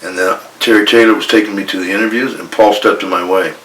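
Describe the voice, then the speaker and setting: Low-voiced, profane man telling stories, echoey room. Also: fairly even intonation, fast talker, a bit bright. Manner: blunt, profane, retells arguments in quoted dialogue. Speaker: retired pro wrestler guest. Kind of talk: candid storytelling interview. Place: indoor room with a coffee maker. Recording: echoey room, distant mic.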